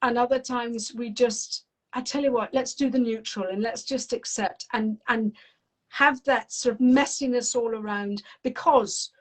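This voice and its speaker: A middle-aged woman, a parenting coach talking in an interview in a lively, rambling way with frequent restarts. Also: a little high, unhurried, poor audio. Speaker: parenting and teen coach, guest. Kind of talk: conversational interview.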